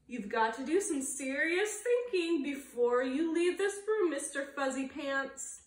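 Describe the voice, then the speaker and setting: Stern, lecturing mother cat, voiced by a woman; high and slow, echoey room. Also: lively intonation. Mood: scolding. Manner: lecturing, scolding.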